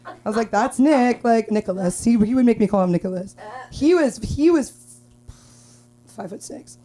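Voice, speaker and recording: A woman's voice: expressive, normal speed. Rambling young woman doing stand-up. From Los Angeles. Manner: rambling, filler-heavy, bursts into loud high outbursts. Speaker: stand-up comedian. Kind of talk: stand-up comedy set. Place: comedy club open mic.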